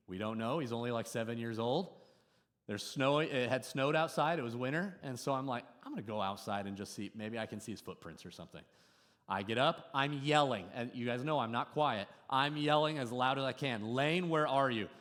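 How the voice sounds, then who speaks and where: Animated storytelling pastor, middle-aged man. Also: mid-range voice. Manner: animated storytelling with sudden loud and soft swings. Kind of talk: sermon. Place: church service before a congregation.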